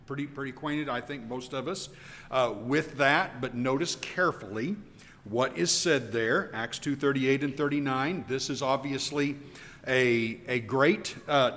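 Man, Bible teacher, animated and emphatic, slightly high voice, long hall reverb. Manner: animated, emphatic, with frequent restarts and fillers. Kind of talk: evening Bible class teaching.

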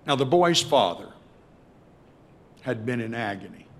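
A male preacher telling a story in a sermon, swinging between loud emphasis and hushed tones. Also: medium pitch, expressive, a little slow.

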